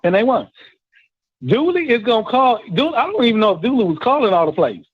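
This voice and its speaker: A man's voice: very high-pitched, expressive, quick pace, husky. A man calling into a sports talk show, arguing casually and swearing freely. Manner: argumentative, casual and profane. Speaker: caller. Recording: dull dry phone line.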